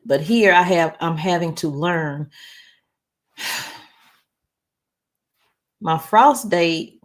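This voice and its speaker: Drawing out her words in a lowish voice, a North Carolina woman chats casually on her livestream and reads viewer comments aloud. She reads slowly and with effort, rambling along with frequent "um"s and restarts.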